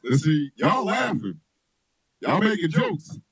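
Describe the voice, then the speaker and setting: A man who is a comedian and radio host, joking loudly in animated casual chat, often shouting and laughing. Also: on the high side, slow, creaky, noisy background.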